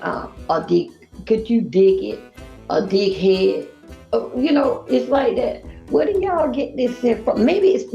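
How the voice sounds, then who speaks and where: A woman from Florida rambles through casual group-call chat. Her pitch swoops widely and her voice has a gravelly edge. The sound is roomy and echoey, with faint music behind. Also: dull audio. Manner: rambling, animated commentary.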